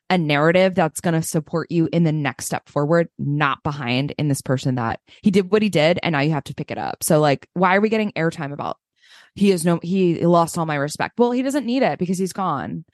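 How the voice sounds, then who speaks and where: A woman's voice: on the low side, lively intonation, fairly quick, dry recording, clean studio sound. A woman co-hosting a casual podcast, recapping a reality show in a blunt, opinionated way and swearing freely. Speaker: podcast co-host.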